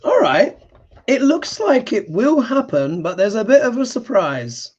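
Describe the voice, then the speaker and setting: A man's voice: very high-pitched, sing-song, measured pace, a little mellow, husky, lo-fi sound. A man hosting a live astrology show, reading tarot cards and ranting with emphatic passion.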